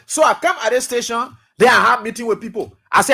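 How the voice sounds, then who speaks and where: Fiery high-voiced radio host. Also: male voice, animated, fast talker, creaky, slightly rough. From Liberia. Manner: fiery, swinging from loud outbursts to low muttering. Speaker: radio talk show host. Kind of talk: impassioned political commentary. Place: radio studio.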